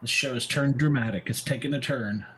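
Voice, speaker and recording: A man's voice: medium pitch, a little fast, fairly bright tone, slightly rough. A man co-hosting a podcast in casual banter, joking crudely. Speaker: podcast co-host.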